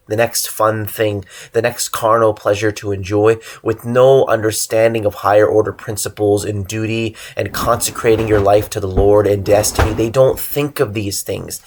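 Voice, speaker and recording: A young man delivering an earnest preaching monologue, exhorting listeners and stressing lists of single words. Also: fairly low pitch. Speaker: religious channel host.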